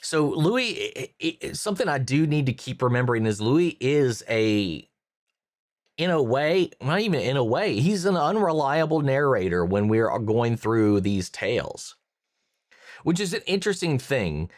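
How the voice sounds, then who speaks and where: A man's voice: medium pitch, big pitch swings, unhurried, no room sound, clean studio sound. A man hosting a reaction channel, thinking aloud about a series episode in a casual review with many fillers and restarts.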